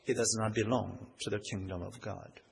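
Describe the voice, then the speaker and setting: A man's voice: steady tone, moderate pace, creaky. A man preaching a sermon, reading scripture aloud and punching key points with rising force. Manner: emphatic, rises in pitch and volume on key points; reads scripture in old-fashioned wording. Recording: long hall reverb, faint background noise.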